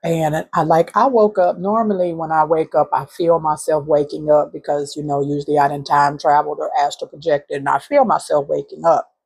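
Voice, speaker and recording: A woman hosting a spiritual channel, telling a heartfelt story from her bedroom in a halting way with fillers and soft whispered moments. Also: low-pitched, steady tone, vocal fry, slightly rough. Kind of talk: emotional spiritual testimony vlog.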